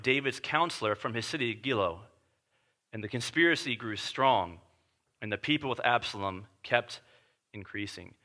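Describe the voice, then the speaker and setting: A male pastor preaching with a very bright, sharp-edged voice pitched a little high. He tells stories with lively emphasis, then sinks low and quiet for his weightiest points. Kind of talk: sermon.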